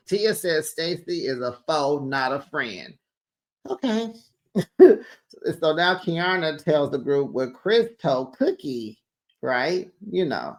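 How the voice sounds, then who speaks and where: A woman hosting a casual recap, gossiping in a lively way, calling listeners honey and child, laughing often and acting out what others said. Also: sits low, unhurried. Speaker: recap host.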